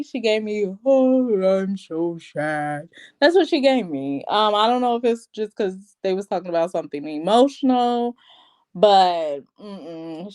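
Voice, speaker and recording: A young adult woman giving a sassy, slangy, animated reality TV review and acting out quotes in other voices. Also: medium pitch. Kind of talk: casual commentary vlog.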